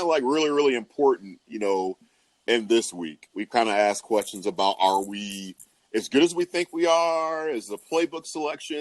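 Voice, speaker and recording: A man's voice: lowish voice, no room sound. A man hosting a casual football talk podcast, laughing often and restarting his sentences. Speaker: podcast host.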